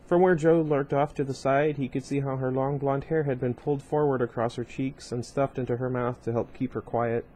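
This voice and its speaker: A man's voice: medium pitch, steady tone, brisk, few pauses, a little mellow. A man casually reading a novel aloud at home, breaking off often for rambling side comments full of fillers. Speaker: reader of a book series.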